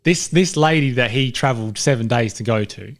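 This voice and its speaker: A South Australian man with a mid-range voice co-hosts a podcast in relaxed conversation. He jokes freely and tells stories with animation. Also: medium pitch, fairly quick. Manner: joking, animated storyteller. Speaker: podcast co-host. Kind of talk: casual chat.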